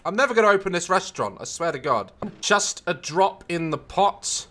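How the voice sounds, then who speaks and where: A man's voice: sits high, animated, normal speed, background noise. A man giving comedic gameplay commentary, frantic and swearing constantly, yelping and cackling as things go wrong. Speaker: gaming YouTuber.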